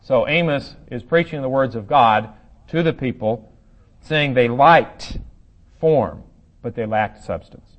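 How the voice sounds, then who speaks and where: Slowly and at medium pitch, a man works through a Bible study verse by verse, explaining scripture in a conversational way. He thinks aloud with fillers and restarts, and the audio is lo-fi.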